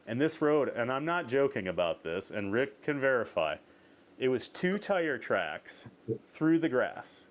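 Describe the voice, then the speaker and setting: A man hosting a casual interview, telling a travel story with lots of "like" fillers and rising excitement. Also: mid-range voice, measured pace. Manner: animated storyteller, many "like" fillers. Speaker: podcast host.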